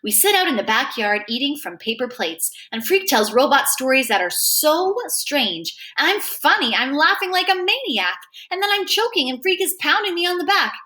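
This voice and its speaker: Animated woman reading a novel aloud. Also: sits high, moderate pace, hardly any pauses. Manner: animated first-person narration. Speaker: reader.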